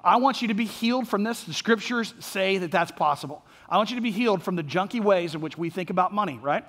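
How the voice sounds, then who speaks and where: A man's voice: sits high, animated, quick pace, a bit bright, long reverb tail. A man from Orlando preaching a sermon as a pastor, talking conversationally with fillers and frequent "right?" check-ins. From Orlando, Florida, USA. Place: church sanctuary.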